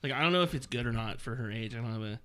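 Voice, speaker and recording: A man's voice: medium pitch, animated, racing, fairly bright tone. A man and father of a toddler daughter, chatting casually and telling stories with many hesitations and fillers. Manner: hesitant, filler-heavy storyteller. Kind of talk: casual chat.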